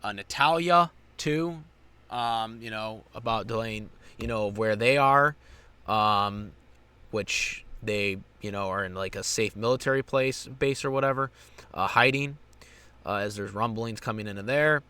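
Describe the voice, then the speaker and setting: A man's voice: lowish voice, a little slow, bright, forceful tone, clean tone. A man giving a casual spoken recap of an anime episode, rambling with many fillers and restarts. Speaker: anime reviewer.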